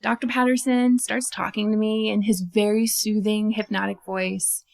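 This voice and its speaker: A woman telling a first-person story on stage, animated and self-mocking, with lots of "like" and quick laughs at herself. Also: medium pitch, vocal fry. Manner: laughs at her own story.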